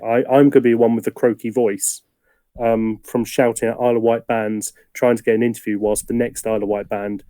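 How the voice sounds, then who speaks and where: Mellow-voiced man joking as podcast guest. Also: medium pitch, flat delivery, dry recording, clean studio sound. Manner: self-deprecating, quick jokes, stumbling restarts. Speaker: guest co-host, music journalist. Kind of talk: casual podcast chat.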